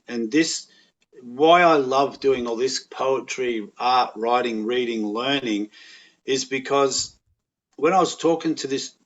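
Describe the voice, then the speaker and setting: A middle-aged Australian man telling rambling, animated anecdotes in a casual chat, with voiced quotes. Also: medium pitch, muffled recording. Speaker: podcast guest, actor.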